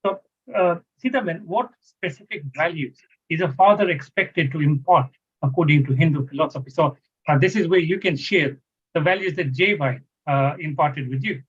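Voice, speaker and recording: A man leads a livestream discussion, slightly high-pitched with a husky edge. He talks haltingly, circling back on his words. The audio is dull and lo-fi. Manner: hesitant, restarts phrases. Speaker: moderator.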